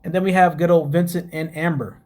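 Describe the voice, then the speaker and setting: A man's voice: fairly high pitch, fairly even intonation, a little fast, darkish tone. A man hosting a casual podcast, chatting through a reality show recap, laughing and talking to his listeners. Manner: chatty, laughs at own jokes, addresses listeners as guys.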